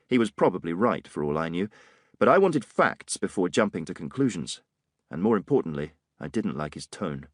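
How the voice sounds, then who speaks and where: A man's voice: low-pitched, very animated, moderate pace, no echo. A man narrating an audiobook in the first person, with a dry, wry telling. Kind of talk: scripted narration.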